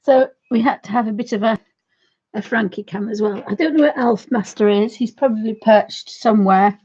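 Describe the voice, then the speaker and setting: A woman in her fifties, hosting an art livestream from her home studio, chatting in a rambling, friendly way with a croaky voice. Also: fairly high pitch, moderate pace, warm tone, lo-fi sound. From United Kingdom. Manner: chatty, rambling, talks fondly to her dog. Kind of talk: casual chat to viewers and pets.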